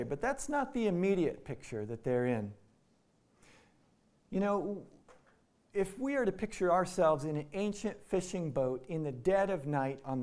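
A pastor from Iowa delivers a sermon in a conversational manner, giving the quoted lines their own voices. His voice sits fairly high and has a slightly mellow quality.

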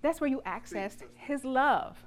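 A woman preacher retelling a Bible story in a sermon, dramatic and lively with touches of humor. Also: high voice, a little slow.

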